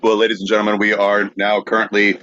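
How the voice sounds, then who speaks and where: Man, deep voice, dry wisecracks, podcast co-host, dull lo-fi sound. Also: monotone, fast talker, bright, forceful tone. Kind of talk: casual chat.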